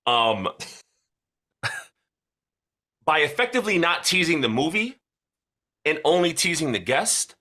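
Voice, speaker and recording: A man's voice: a little high, very animated, unhurried, long pauses, sharp tone. A man co-hosting a podcast in casual chat, loose, slangy and joking. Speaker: podcast co-host.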